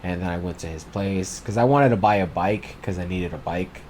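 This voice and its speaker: A man's voice: sits low, normal speed, darkish tone, a little hiss or hum. A man co-hosting a podcast, telling stories in loose, casual chat with heavy swearing. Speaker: podcast co-host.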